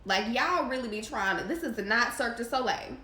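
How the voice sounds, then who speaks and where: A young woman hosts a live podcast Q&A, reading questions from the chat aloud and reacting with brash, profane laughter. Her voice sits fairly high and comes out brisk, expressive, pushed and bright. The room is echoey, with faint ambient noise underneath.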